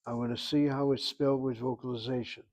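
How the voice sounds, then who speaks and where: A man's voice: mid-range voice, fairly even intonation, fast talker, a little mellow, low-quality recording. A man with an American accent giving a Hebrew grammar lesson in a blunt, emphatic classroom lecture style. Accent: American English. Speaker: Hebrew instructor.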